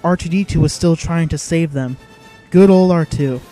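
Mellow-voiced man narrating a story. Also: a little high, moderate pace, faint music behind. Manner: dramatic, vivid storytelling. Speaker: audiobook narrator. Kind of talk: scripted narration.

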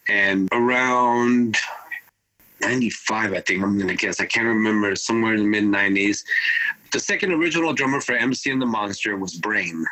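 Man, 50s, turntablist guest, low voice with a forceful edge, loose rambling storyteller. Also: normal speed, low-quality recording. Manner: rambling, animated retelling with acted-out quotes. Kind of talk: casual storytelling.

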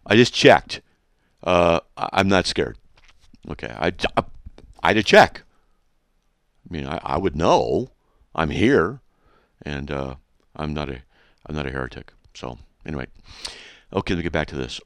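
A man hosting a radio show, reading a hostile letter aloud and mocking it with sarcastic, rambling, deadpan asides. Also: rumbling low, normal speed, long pauses, dry recording, clean studio sound.

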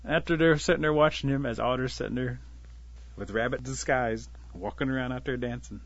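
A man telling a traditional animal tale in an unhurried, folksy way, giving the animals light voices of their own. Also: mid-range voice, muffled recording. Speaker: storyteller. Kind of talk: oral storytelling of a traditional tale.

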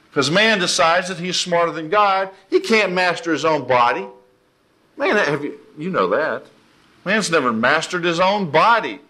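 A man preaching an informal, folksy sermon, animated and quick to laugh. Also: on the high side.

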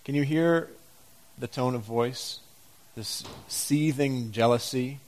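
A man delivering a sermon, pausing to ask his listeners pointed, reflective questions. His voice sits at a medium pitch, and he reads the scripture passages with drama. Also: a little mellow. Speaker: preacher.

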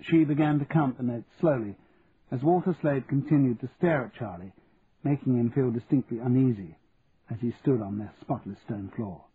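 Brief: male audiobook narrator, steady and measured, phone-thin sound. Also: mid-range voice. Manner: measured storytelling. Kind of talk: audiobook reading. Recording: tinny lo-fi radio recording, faint hiss.

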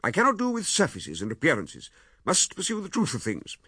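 Male reader doing a pompous, waggish middle-aged gent, lively lecturing voice, dry close sound. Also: a little high, a little fast, slightly rough, no echo, voice pushed up, heavily acted. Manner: genial, lecturing, self-satisfied.

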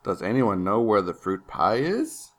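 A man's voice: fairly low pitch, very animated, measured pace, fairly bright tone, full character voice. A man voicing an oblivious, matter-of-fact young gnome. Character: oblivious cheerful male gnome, blunt.

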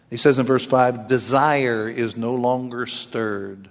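A man's voice: medium pitch, unhurried, few pauses, long reverb tail. A man in his sixties preaching a sermon as pastor, folksy and joking, with homespun asides. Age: 60s.

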